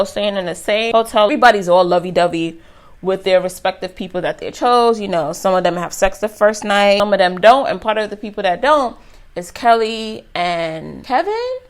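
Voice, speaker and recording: A young woman recapping a reality show in a loose, slangy, chatty way. Her voice sits at an ordinary middle pitch, and she keeps the telling animated and conversational. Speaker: YouTube reviewer. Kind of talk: casual recap commentary.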